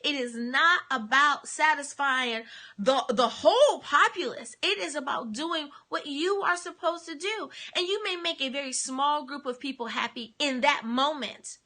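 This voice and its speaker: A woman's voice: high-pitched, unhurried, bright, forceful tone. A middle-aged woman giving an emphatic motivational talk in a preacher's style, repeating her key lines. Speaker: motivational speaker and minister. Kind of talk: live-streamed motivational talk.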